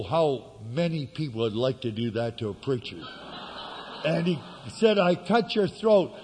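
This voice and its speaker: A man preaching a sermon, telling a personal story with sudden shifts between loud outbursts and hushed asides. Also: on the high side, in a large hall.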